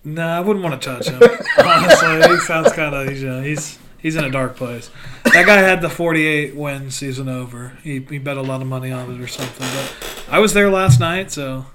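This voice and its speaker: A man co-hosting a casual sports podcast, blunt, joking and animated. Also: fairly high pitch, moderate pace, a loud crowd. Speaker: podcast co-host.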